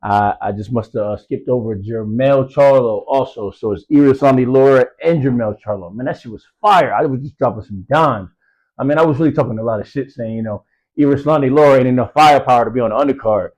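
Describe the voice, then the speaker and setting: A man's voice: mid-range voice, quick pace, darkish tone, poor audio. A man giving casual boxing commentary, rambling with lots of fillers and street slang, from the US East Coast. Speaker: boxing news vlogger.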